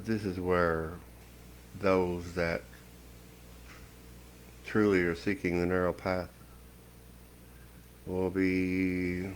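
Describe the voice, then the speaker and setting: A man giving a slow, stern spiritual lecture with long pauses, preaching in a measured voice. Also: deep voice, a little hiss or hum, rough recording. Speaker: occult teacher.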